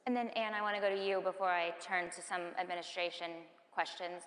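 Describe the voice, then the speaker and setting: Woman panel moderator, measured and gentle, recorded with a long hall reverb. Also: on the low side, steady tone. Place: large conference hall.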